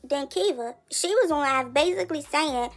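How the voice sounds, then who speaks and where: A woman giving casual commentary on a reality show, chatty and quick to react, full of rhetorical questions. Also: high-pitched.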